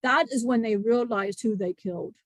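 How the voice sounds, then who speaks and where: A woman channeling the spirit of an ancient male disciple, telling a grieving testimony in halting, emotional bursts with many restarts. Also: a little high, no echo, lightly acted. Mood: solemn.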